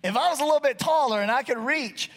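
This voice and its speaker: A man spins a comic personal story for an audience, folksy and lively. He leaps into shouted lines when he replays his own warnings. The sound carries a long hall reverb. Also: very high-pitched, fast. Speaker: speaker telling a personal story.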